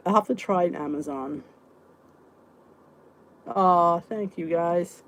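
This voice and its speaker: A woman's voice: fairly low pitch, slow pace, fairly bright tone. Chatty woman hosting a live stream. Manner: chatty, answers viewers' comments, trails off and restarts. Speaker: weight-loss vlog host reading live chat. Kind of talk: casual live-stream chat.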